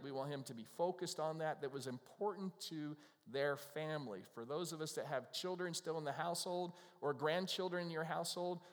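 Middle-aged male pastor, slightly high voice, conversational sermon delivery, church with long reverb. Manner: conversational preaching, acting out scripture dialogue.

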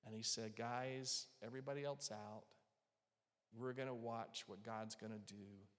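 A man's voice: on the low side, fairly even intonation, a little slow. Man preaching in a reverberant hall. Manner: earnest preaching, softening to a hush for quoted words of comfort. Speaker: pastor. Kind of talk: sermon. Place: church hall with live and online audience.

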